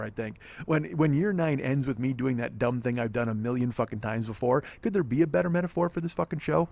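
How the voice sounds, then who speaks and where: A man's voice: medium pitch, fast talker, creaky, hardly any pauses, a little mellow. A man hosting a solo podcast outdoors by an apartment pool, frustrated and swearing as he rambles. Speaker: podcast host. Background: wind and planes overhead.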